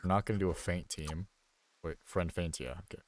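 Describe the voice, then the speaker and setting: A man's voice: deep voice, steady tone, a little fast, slight background noise. A young man casually commenting on his own video game stream, rambling and poking fun at himself as he thinks aloud into a desk microphone. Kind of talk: casual live gameplay commentary.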